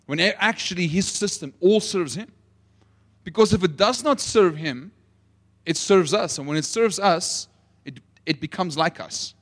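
A man preaching a sermon, asking the audience questions and retelling scripture as lively stories. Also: sits high, measured pace. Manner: asks the audience rhetorical questions; animated storytelling with acted-out quotes. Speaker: pastor.

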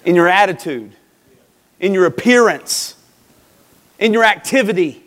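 A man's voice: high-pitched, lively intonation, a little slow, long pauses, a bit bright. A man preaching a sermon, emphatic, repeating phrases and addressing the congregation directly.

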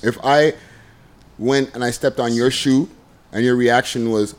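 A man hosting a podcast, talking casually with lots of slang. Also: medium pitch. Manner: fast, lively, slangy. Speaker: podcast host. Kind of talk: casual chat.

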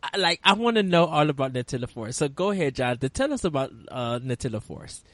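A man hosting a casual podcast chat, enthusiastic and playful, quick to laugh. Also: mid-range voice, big pitch swings, no echo. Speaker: podcast host.

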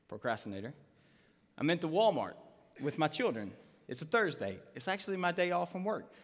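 Animated male pastor telling a story. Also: on the high side. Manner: animated, acts out quoted lines. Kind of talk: storytelling sermon. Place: church auditorium. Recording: long reverb of a live church hall.

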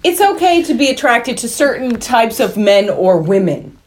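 Lively woman co-host, higher voice. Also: normal speed. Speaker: podcast co-host. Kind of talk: casual movie podcast chat.

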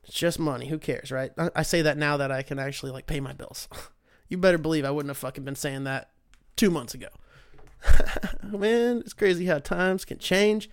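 Young man, slightly high voice, casual solo host, profane, sarcastic, rambling. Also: normal speed, clean tone, no echo, studio quality. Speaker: podcast host.

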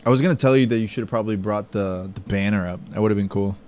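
A man's voice: fairly low pitch, rapid-fire, darkish tone, a little hiss or hum. A man co-hosting a podcast in casual chat, joking with his co-host and cheerfully plugging the show. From Florida, USA. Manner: joking, upbeat plugs for the show.

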